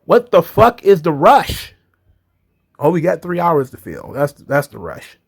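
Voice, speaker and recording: A man's voice: a little high, big pitch swings, unhurried, gravelly, breathy edge. A man giving blunt, exasperated, swear-heavy wrestling commentary. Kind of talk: casual profane commentary.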